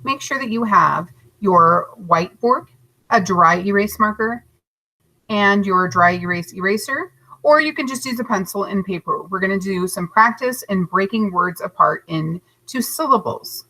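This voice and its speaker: A woman teaching a third grade class in a recorded lesson, patient and encouraging, stretching words out slowly to split their syllables. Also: medium pitch, animated, bright, forceful tone, rough recording. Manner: slow, overarticulated syllables and spelling.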